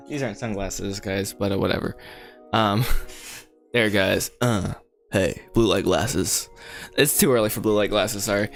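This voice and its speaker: A man's voice: lowish voice, slow pace, vocal fry, long pauses, soft background music. A young man chatting casually on a livestream while writing a script, rambling, laughing often and joking at his own expense. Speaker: livestreaming writer.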